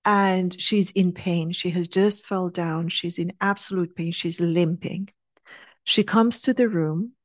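A middle-aged woman telling a heartfelt personal story, earnest and animated, sometimes dropping to a soft hush. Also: lowish voice, takes it slowly, no echo, clean studio sound. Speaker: speaker sharing a personal story.

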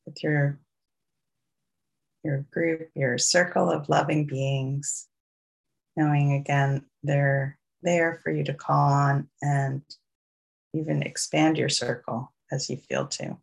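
New york accent meditation teacher, calm gentle guiding, bit of vocal fry, kinda husky. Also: medium pitch. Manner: slow, soothing, gently inviting. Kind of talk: guided loving-kindness meditation.

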